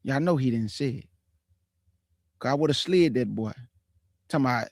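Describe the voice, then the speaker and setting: A man in his forties hosting a livestream, talking bluntly and casually in slangy, animated speech. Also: medium pitch, normal speed, pauses often, no echo, studio quality. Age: 40s. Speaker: livestream host.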